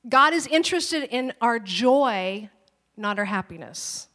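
Female pastor, 30s, fairly high voice, animated and chatty, acts out quoted voices, long church-hall reverb. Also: normal speed. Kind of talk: sermon with personal stories.

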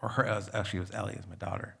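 Gravelly male pastor telling stories. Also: fairly low pitch, level tone, rapid-fire, sharp tone. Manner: storytelling, conversational. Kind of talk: sermon.

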